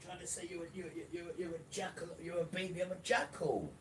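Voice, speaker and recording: A man's voice: sits high, fairly even intonation, fast, slight background noise. A man preaching an emphatic livestream sermon, repeating phrases and speaking straight to the listener. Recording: distant mic with loud music behind.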